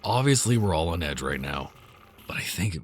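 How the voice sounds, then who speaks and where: A man voicing a pragmatic young man in a horror story, speaking low and measured. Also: very animated, a little hiss or hum. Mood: reasoning.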